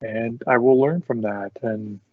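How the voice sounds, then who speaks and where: Unhurried and steady in tone, a mid-range male podcast host shares casual work stories, laughing often. There's no echo, and the sound is dry, dull and lo-fi.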